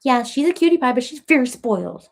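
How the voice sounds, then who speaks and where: A woman's voice: high-pitched, animated, quick pace, vocal fry. A woman playing a rambling, chatty reality-TV woman in a comedic parody livestream, who baby-talks her cats and answers viewers by name.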